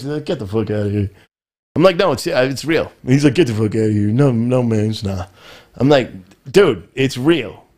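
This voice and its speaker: A man's voice: mid-range voice, a little mellow. Rambling, frustrated man host. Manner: frustrated, rambling, repeats himself. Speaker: podcast host. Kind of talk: casual political commentary.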